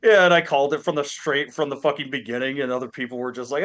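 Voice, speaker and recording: Ranting bright-voiced man on a call. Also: mid-range voice, quick pace. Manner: ranting, heavy swearing, animated impressions. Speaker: podcast co-host. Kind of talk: casual chat. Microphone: Discord call.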